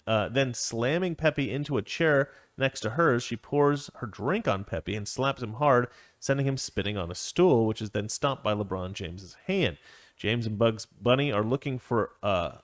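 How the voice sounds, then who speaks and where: A man's voice: mid-range voice, normal speed. A man hosting an opinion commentary segment, sarcastic and digressive, often breaking into laughter. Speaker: commentary host.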